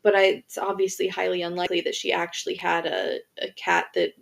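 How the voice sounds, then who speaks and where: A young woman with a low-side, creaky voice and little pitch movement talks briskly. She co-hosts a podcast, retelling a history story in a chatty way with lots of fillers and restarts and easy laughter.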